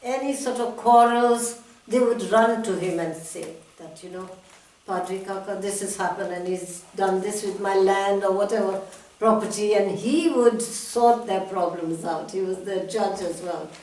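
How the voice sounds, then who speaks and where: An older woman, a guest speaker, reminisces in a talk hall, telling a personal story from memory with many restarts and small laughs. Her mid-range voice is a little slow and mellow, recorded from far off in an echoey hall.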